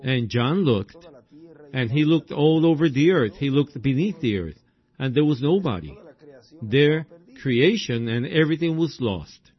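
A man preaching a sermon in a slow, drawn-out way, breaking into exclamations. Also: mid-range voice, lively intonation, breathy edge. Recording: dull lo-fi recording.

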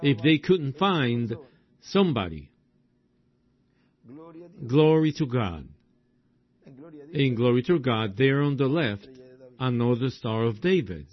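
A man preaching a sermon in a slow, drawn-out way, breaking into exclamations. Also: medium pitch, sing-song. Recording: dull lo-fi recording.

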